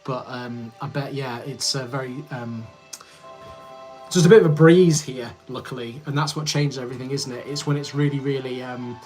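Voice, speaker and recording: A man's voice: medium pitch, steady tone, normal speed, darkish tone, soft background music. A man in his thirties from Yorkshire, streaming a casual livestream chat where he reads comments and rambles in a friendly way while he edits. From Yorkshire, England. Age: 30s. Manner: rambling, friendly, easily distracted while editing.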